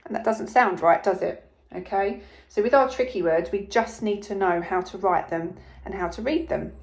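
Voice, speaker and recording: A woman teaching a phonics lesson to young children, sounding out letters slowly and clearly with plenty of encouragement, in an English accent. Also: mid-range voice. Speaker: primary school teacher.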